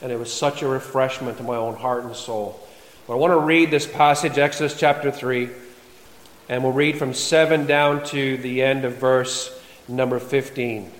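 Pastor preaching in an echoey hall. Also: male voice, medium pitch, fairly even intonation, normal speed. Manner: conversational storytelling, then reading scripture aloud. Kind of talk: sermon. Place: church sanctuary.

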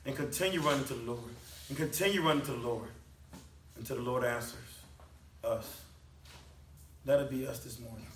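A man preaching a sermon, repeating lines with emphasis and swinging from loud to soft. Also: mid-range voice, moderate pace, long pauses, noisy background. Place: church hall. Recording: echoey hall from a distance.

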